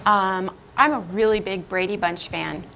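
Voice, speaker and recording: A woman's voice: mid-range voice, moderate pace, gravelly, pushed and bright, slight background noise. A woman who is a guest on a studio panel chat, talking in a chatty way and laughing easily.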